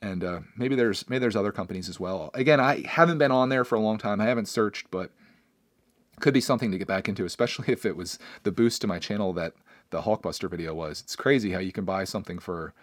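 A man's voice: on the low side, fast talker, no room sound, clean studio sound. A man in his thirties hosting a casual solo podcast, talking earnestly and rambling with many restarts. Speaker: podcast host and YouTuber.

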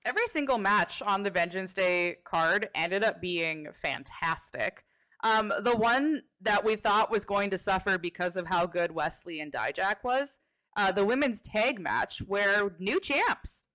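A woman co-hosting a casual talk show, with a bright, forceful voice. She chats in a playful, loose way and teases about her own predictions. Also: mid-range voice, a little slow. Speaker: podcast co-host. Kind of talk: casual wrestling chat.

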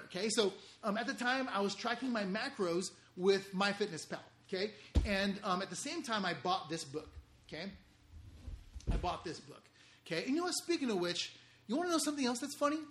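A high-voiced man telling a story to his viewers in a loose, animated way. He talks in slang and keeps checking in with a quick "okay?" after almost every line. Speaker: podcast host.

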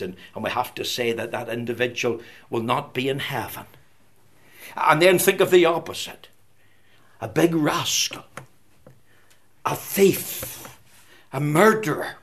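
A man preaching a fervent evangelistic sermon, rising to loud declarations and dropping to hushed, whispered scripture quotes. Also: medium pitch.

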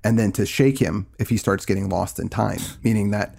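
A man with a gravelly, husky voice set fairly low. He talks in a relaxed, casual podcast manner and sounds eager and engaged. He often breaks off and restarts as he chats. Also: a little fast. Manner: enthusiastic, conversational, with frequent restarts. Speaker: podcast co-host. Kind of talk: casual podcast book discussion.

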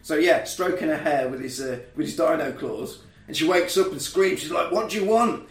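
A man with a high voice recounts a film plot with lively energy, slipping into voices for the characters. He sits a little back from the mic in an echoey room, with faint music underneath. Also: moderate pace, far from the mic. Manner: animated retelling, acting out characters' lines with laughs. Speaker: podcast co-host recapping a film. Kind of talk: casual chat.

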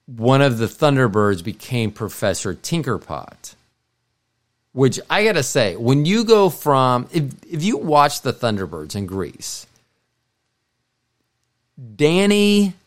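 Middle-aged man, podcast co-host, average-pitched voice, chatty and digressive with lots of restarts. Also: very animated, slow pace. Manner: meandering, frequent restarts and self-corrections. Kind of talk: casual rambling monologue.

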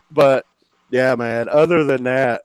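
A man in casual chat tells a hospital story while recovering from a leg amputation. He swears freely and acts out each quote with lively energy. His voice sits in a middle pitch and sounds dry and close. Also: no room sound. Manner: profane, animated storyteller acting out quotes. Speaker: podcast host telling a story.

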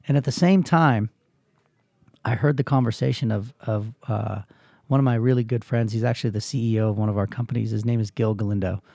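A man's voice: on the low side, brisk, creaky, darkish tone, dry recording. A man hosting a podcast, telling a personal story in an earnest, emphatic way, swearing freely, then pushing his listeners with motivational questions. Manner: rallying, motivational push to listeners. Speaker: podcast host.

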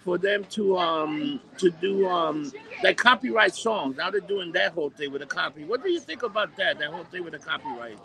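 A man's voice: high voice, lively intonation, fairly quick, hardly any pauses, sharp tone, low-quality recording. A middle-aged man co-hosting a casual chat, crude and ranting, swearing a lot.

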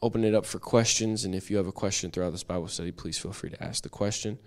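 A man leads a church Bible study in a casual, talkative way. His voice sits on the lower side, and he laughs at himself and restarts sentences as he goes. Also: steady tone, quick pace. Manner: chatty and self-deprecating, with frequent restarts.

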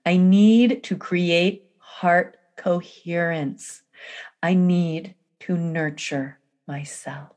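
Woman, energy coach, personal storytelling, slow, emphatic, repetitive, dramatic pauses. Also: on the low side, fairly even intonation, a little mellow.

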